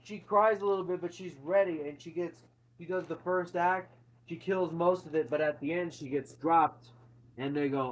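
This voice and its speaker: A man's voice: a little high, steady tone, moderate pace, low-quality recording. A man casually retelling a film's plot, swearing and acting out quotes, in a chatty movie-recap conversation.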